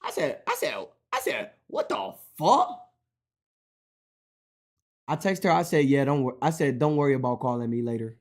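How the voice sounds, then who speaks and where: A young man streaming, talking casually in an animated, profane way, often repeating himself. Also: medium pitch, fast talker, few pauses.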